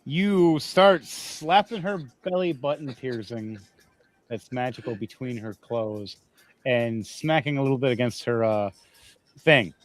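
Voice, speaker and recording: A man's voice: medium pitch, lively intonation, unhurried, dry recording. A man running a tabletop game as game master, rambling and laughing, with many fillers.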